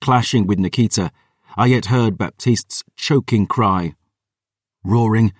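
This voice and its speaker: Reading a first-person fantasy audiobook with dramatic force, a man speaks unhurriedly in a lowish, slightly rough voice. There's no room sound; the recording is dry, with the microphone a bit far off.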